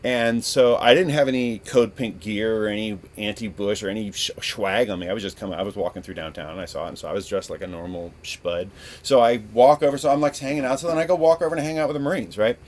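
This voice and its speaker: Male podcast host, low voice, rambling storyteller, casual and profane. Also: fast, darkish tone. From Northern California.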